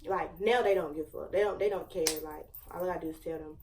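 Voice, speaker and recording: A woman's voice: lowish voice, fast talker, far from the mic, noisy background. A young woman in her late teens, casually telling a dramatic storytime with lots of slang and fillers. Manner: chatty, slangy, dramatic retelling. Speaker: vlogger.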